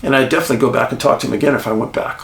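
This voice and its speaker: A man telling a behind-the-scenes story about a documentary shoot, animated and chuckling, with dramatic pauses. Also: mid-range voice, gravelly. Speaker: documentary filmmaker recounting a shoot. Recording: roomy echo.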